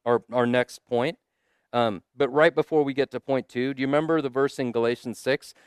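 A man preaching in a relaxed, talky way, tossing in "like" and "right?" as he goes. His voice is smooth and resonant at a middle pitch. The sound is close and dry, and he slows right down on the lines he wants to land. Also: no room sound. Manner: conversational preaching with frequent "like" and "right?"; emphatic, slowing down on key lines. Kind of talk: sermon.

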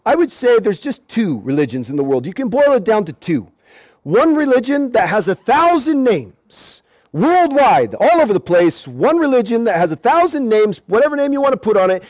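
A male preacher giving an animated evangelistic sermon at an outdoor gathering, repeating words and shouting at times. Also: high-pitched, no room sound.

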